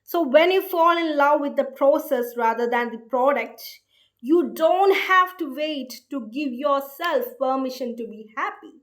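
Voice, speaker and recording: A woman presenting a book summary in an explanatory talk, deliberately repeating key points and posing rhetorical questions to the listener. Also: high-pitched.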